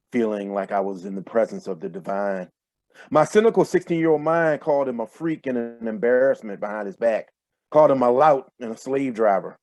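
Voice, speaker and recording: A man reading his own first-person fiction aloud in a steady, measured way over a video call. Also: on the low side, no room sound. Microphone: computer mic on a video call.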